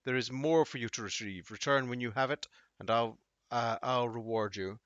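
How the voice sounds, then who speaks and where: A man voicing a scheming middle-aged brothel madam who bargains smoothly and sounds pleased with herself. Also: mid-range voice, normal speed, fairly bright tone, no echo, lightly acted. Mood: smug. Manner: smooth, self-satisfied bargaining. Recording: dull dry audio.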